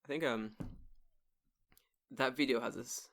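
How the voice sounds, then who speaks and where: A man co-hosting a podcast in casual chat, giggly and quick to laugh. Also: mid-range voice, a bit bright. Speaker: podcast co-host.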